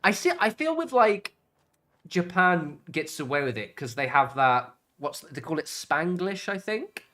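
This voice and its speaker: His pitch sits a little high and swings widely, with a sharp tone and a slightly slow pace. He's a British livestreamer chatting casually over a game, wandering between topics, laughing often and dropping the occasional swear word.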